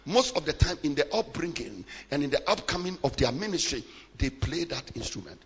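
A middle-aged man preaching a sermon in a large church hall, swinging between shouted declarations and hushed, low-voiced passages. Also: sing-song, a little fast, breathy edge. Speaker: pastor. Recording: muffled live church recording with long reverb.

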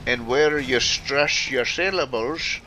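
A man's voice: medium pitch, slow, pushed and bright, faint music behind. A man streaming while gaming, rambling in casual chat with lots of fillers and casual swearing.

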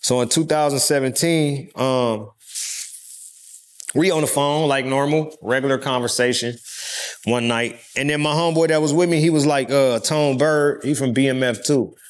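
A man as an interview guest, telling stories in a loose, profane, animated way. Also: mid-range voice, normal speed. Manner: profane, animated storyteller who acts out quotes. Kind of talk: casual interview storytelling.

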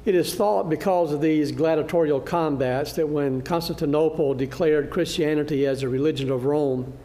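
A man teaching a church Bible class, lecturing through a slide show in a halting way, with frequent fillers and restarts. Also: a little high, dark tone. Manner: good-humored, laughs at his own slip.

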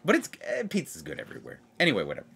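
A man hosting a blackjack video, chatting casually and excitedly as he plays. He repeats himself for emphasis and keeps talking straight to his viewers. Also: a little high, rapid-fire, gravelly, a little hiss or hum. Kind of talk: casual chat while playing blackjack.

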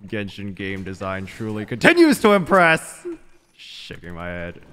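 A man commentates his own gameplay, sounding worn out and increasingly fed up. He rants and swears at the screen. His voice swings wildly between low mutters and high outbursts. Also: wildly swooping pitch, a little slow, pushed and bright. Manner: frustrated ranting, swearing. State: tired. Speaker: gaming channel host.

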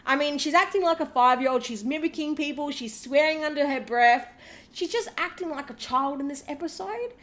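A woman's voice: sits high, animated, fairly quick, a bit bright. A woman hosting a reaction video, talking in a sarcastic, indignant way. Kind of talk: reaction commentary.

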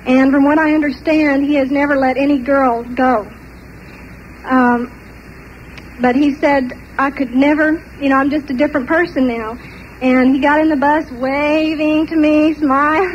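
An older woman telling a personal story in an animated way, often laughing between parts of it. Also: high-pitched, measured pace, highs cut off, slight background noise. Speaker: testimony speaker.

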